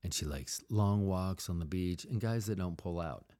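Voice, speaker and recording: A man's voice: low-pitched, normal speed, very noisy. A man hosting a solo podcast from home, rambling jokily and interrupting himself mid-sentence. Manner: rambling, self-interrupting, jokey. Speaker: podcast host. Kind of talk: casual comedic monologue. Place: home room.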